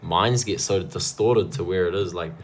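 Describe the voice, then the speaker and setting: A man's voice: sits low, normal speed, a little hiss or hum. A man, chatting casually as a podcast guest, swearing a lot and trailing off mid-sentence. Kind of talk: casual chat.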